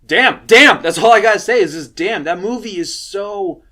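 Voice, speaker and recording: A man's voice: high voice, moderate pace. A young man giving casual film recommendations, rambling with lots of fillers and swearing freely. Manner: rambling and profane, many fillers. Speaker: film reviewer.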